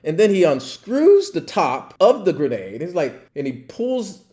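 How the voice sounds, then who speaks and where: A man hosting a podcast, telling a story in a casual, halting way and acting out the other people's lines in a raised voice. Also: high voice. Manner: animated, acts out quoted dialogue in a raised voice; halting, with many restarts and fillers. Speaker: podcast host.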